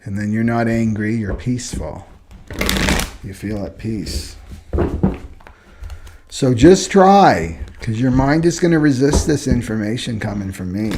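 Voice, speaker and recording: A man's voice: medium pitch, big pitch swings, a little slow, long pauses, heavy background noise. A man giving a casual, rambling spoken lesson on personality types, earnest and often checking in with "right?". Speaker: astrology and human design teacher. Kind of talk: casual spoken teaching monologue.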